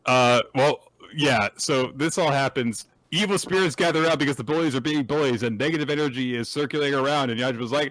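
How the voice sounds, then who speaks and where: A man's voice: mid-range voice, fast talker, fairly bright tone, no room sound. A man hosting a podcast, casually and animatedly retelling manga chapters and laughing along. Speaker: podcast host.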